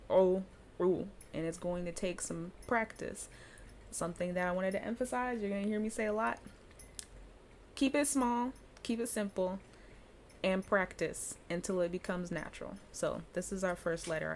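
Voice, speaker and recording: A woman's voice: mid-range voice, moderate pace, slight background noise. A woman giving a casual pronunciation lesson, chatty and loose, often breaking into laughter as she explains. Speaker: language teacher.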